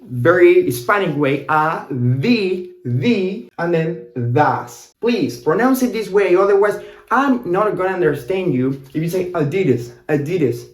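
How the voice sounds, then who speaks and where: A man's voice: fairly high pitch, a little mellow. Argentine man teaching pronunciation, echoey room. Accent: Argentine Spanish. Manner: demonstrates pronunciations slowly, then explains quickly. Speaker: Spanish teacher. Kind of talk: language lesson to camera.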